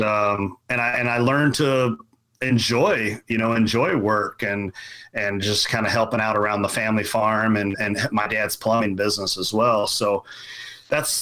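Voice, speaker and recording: A man's voice: mid-range voice, fairly bright tone, rough recording. A middle-aged man telling a casual, rambling story, restarting and repeating words as he goes. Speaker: podcast guest.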